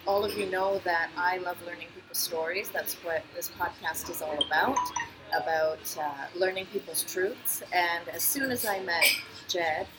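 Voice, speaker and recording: A woman's voice: on the low side, moderate pace, heavy background noise. Enthusiastic woman podcast host. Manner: warm, enthusiastic, laughs often. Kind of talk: casual interview. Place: cafe.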